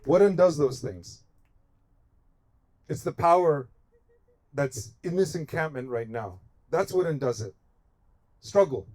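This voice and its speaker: A man's voice: on the high side, expressive, slow pace, long pauses, a little mellow. A man from the United States giving an impassioned speech at a protest encampment, building his points through emphatic, repeated phrases. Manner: emphatic, repetitive rhetorical cadence. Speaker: activist speaker at a protest encampment.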